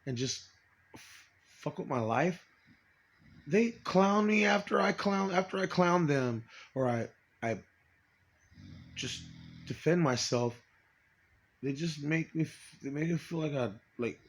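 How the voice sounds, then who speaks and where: A man in a rambling personal monologue, swearing often, stopping and restarting, and trailing off quietly. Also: fairly high pitch, very animated. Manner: profane, halting, trails off quietly.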